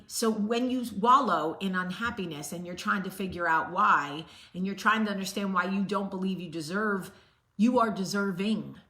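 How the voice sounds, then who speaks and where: A woman's voice: mid-range voice, bright, forceful tone. A woman host giving a blunt, sassy motivational talk straight to the camera. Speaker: vlog host. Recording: roomy echo.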